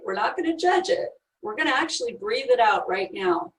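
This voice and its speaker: A woman's voice: fairly high pitch, animated, fairly quick, distant mic, rough recording. A woman guiding listeners through a healing meditation, coaching them step by step in a soothing way. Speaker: energy healing guide.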